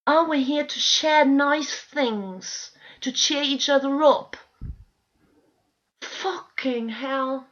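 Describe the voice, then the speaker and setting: A woman's voice: high voice, extremely slow, a bit bright. A middle-aged woman ranting straight to camera, pleading and exasperated, swearing often. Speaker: vlogger. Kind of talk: emotional direct-to-camera rant. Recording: dull lo-fi home video sound.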